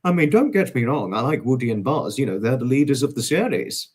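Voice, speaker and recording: A man's voice: medium pitch, expressive, brisk, a little mellow, husky. Affectionate man chatting with viewers. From United Kingdom. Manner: affectionate, greets viewers as darling, chuckles often. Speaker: livestream host. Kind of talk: casual chat reading out viewer comments.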